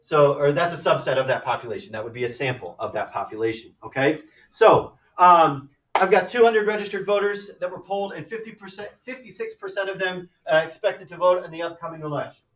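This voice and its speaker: A man teaching a high school math class, lecturing conversationally and often checking in with "right?" and "okay?". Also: fairly quick, fairly bright tone, recorded from a distance, slight background noise. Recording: echoey classroom, mic from afar.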